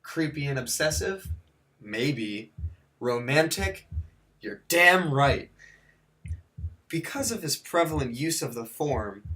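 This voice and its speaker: Narrating a scripted video lesson, a teacher lays out his points slowly, counting and spelling them out, while sneaking in dry humor and pretend self-corrections. His voice is mid-range with a fairly bright tone.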